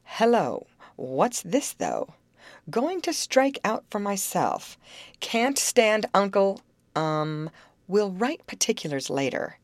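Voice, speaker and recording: A woman's voice: medium pitch, big pitch swings, no echo, pitched above the performer's own voice. A woman reading an audiobook, voicing a stern but fond middle-aged father who muses aloud. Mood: measured. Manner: measured, musing, dryly humorous.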